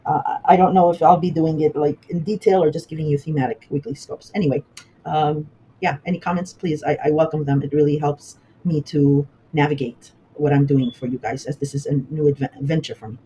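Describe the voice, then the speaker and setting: Rambling man with a high voice. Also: steady tone, dark tone, a little hiss or hum, rough recording. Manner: rambling, halting, many fillers and restarts; emotional, laughs often. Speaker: astrologer. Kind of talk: casual horoscope talk.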